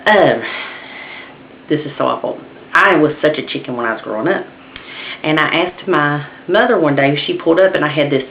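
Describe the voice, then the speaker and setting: A woman telling a funny story in a casual vlog, animated, acting out voices and laughing at herself. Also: low voice, slight background noise. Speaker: vlogger. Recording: dull roomy home video recording.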